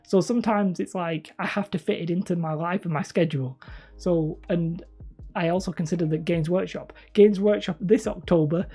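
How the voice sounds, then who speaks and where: With a northern English accent, a woman hosts a live stream and chats casually with viewers, rambling and putting herself down. Her lowish voice is dark and husky, with fairly even intonation and a normal speed.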